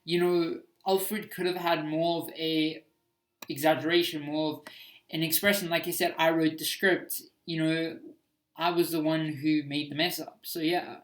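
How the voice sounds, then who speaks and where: A man's voice: a little high, flat delivery, measured pace. A man giving casual commentary on his own homemade film, hesitant and self-critical, with many restarts.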